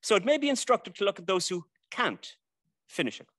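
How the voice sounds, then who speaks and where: A man's voice: high-pitched, sing-song, brisk, fairly bright tone, dry recording. Wry Irish man making a speech. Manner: wry, rhetorical, with dry jokes and long lists. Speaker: debate speaker championing a classic novel; university teacher. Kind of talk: prepared persuasive speech. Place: indoor library event before an audience.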